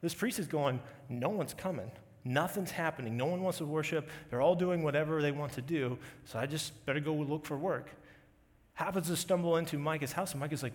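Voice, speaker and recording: A young man with a fairly high voice gives a chatty sermon, slipping into quoted voices as he tells stories. His voice rings out with the long reverb of a large church hall. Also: normal speed. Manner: conversational storyteller acting out quotes. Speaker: pastor.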